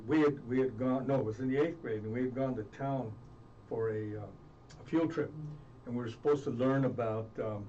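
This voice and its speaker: A man recalls his past in an earnest, halting way, circling back and restarting his sentences. He sounds far from the microphone, and the sound is dull and slightly noisy. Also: medium pitch, warm tone. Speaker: interview guest. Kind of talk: reflective storytelling. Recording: distant muffled mic with faint noise.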